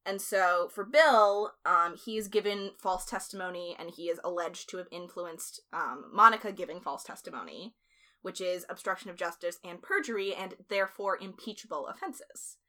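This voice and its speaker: A woman's voice: fairly low pitch, moderate pace, pushed and bright. A woman hosting a podcast, recounting events in a chatty, blunt way with lots of fillers and some swearing. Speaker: podcast host. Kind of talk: casual storytelling chat.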